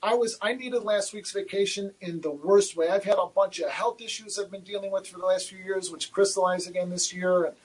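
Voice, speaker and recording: A man, a guest futures trader, answering livestream questions in a candid, animated, self-deprecating way, often repeating his words. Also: high voice, brisk, hardly any pauses, husky, poor audio.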